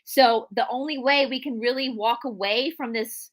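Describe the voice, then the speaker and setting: A woman's voice: a little high, normal speed. A woman with a Southern US accent, a guest historian giving her opinions in a chatty, casual livestream conversation. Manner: opinionated, chatty, restarts often.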